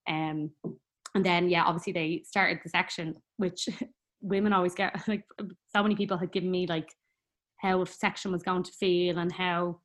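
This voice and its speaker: Woman guest, fairly low pitch, rambling personal story, easy laughs. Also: flat delivery, normal speed. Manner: chatty, rambling, many fillers, laughs often.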